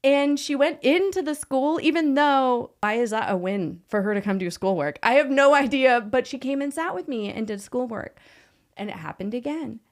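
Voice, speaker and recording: Woman hosting a podcast, kinda high voice, chatty and animated, acts out quotes. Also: normal speed. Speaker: podcast host. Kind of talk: casual conversational storytelling.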